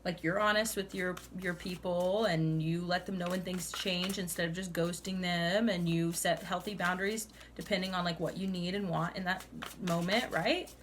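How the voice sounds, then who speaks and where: A young woman talks through a tarot reading in a loose, chatty way, filling her lines with "like" and "you know what I mean", and breaking into laughter now and then. Her voice sits a little low for a woman. There is a faint hiss of noise behind her. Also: steady tone, normal speed. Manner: chatty, many "like"s, laughs often, addresses listener as "honey". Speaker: tarot reader.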